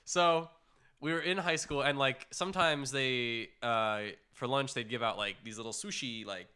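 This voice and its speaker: Young guy co-hosting, bright voice, rambly animated stories, says like a lot. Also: moderate pace, clean tone. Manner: animated storyteller, many "like" fillers, jumps high for quoted voices. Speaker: podcast co-host. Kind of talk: casual chat.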